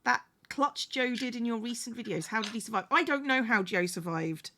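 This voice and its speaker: On her live stream, a woman with a bright, forceful, highish voice talks fairly quickly while sewing crafts. Her chat is casual, she thanks viewers, and she often begins sentences again.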